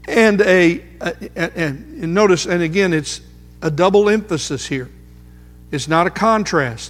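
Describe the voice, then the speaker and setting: High-voiced man preaching in a reverberant church. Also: lively intonation. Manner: emphatic, repeats phrases slowly for weight. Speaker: pastor. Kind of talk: sermon. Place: church sanctuary. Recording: music under voice, long hall reverb.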